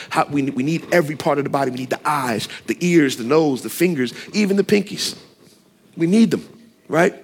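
A man's voice: on the high side, fairly quick, breathy edge. A man preaching a casual, conversational sermon, often checking in with the listeners and adding light self-deprecating humor. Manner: conversational, lively, asks the room often. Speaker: pastor.

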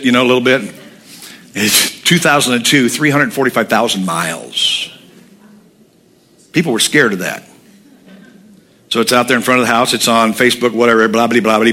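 A man's voice: mid-range voice, fairly even intonation, fairly quick, pushed and bright. A man preaching a sermon, telling humorous stories and speaking bluntly and with animation. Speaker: pastor.

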